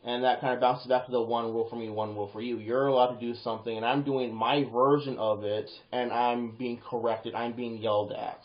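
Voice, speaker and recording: A man giving advice in a casual monologue, animated and rambling, breaking into quoted voices and swearing now and then. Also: medium pitch, a little fast, few pauses. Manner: animated, acts out quoted lines in bursts, swears; rambling with restarts and fillers. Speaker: vlogger. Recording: roomy, dull lo-fi home video.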